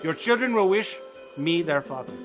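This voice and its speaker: A boastful middle-aged Russian immigrant, as a man puts him on, talks in grand, broken English with a thick mock Russian accent. The voice sits fairly high, and a little music plays faintly behind him. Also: animated, moderate pace, a bit bright.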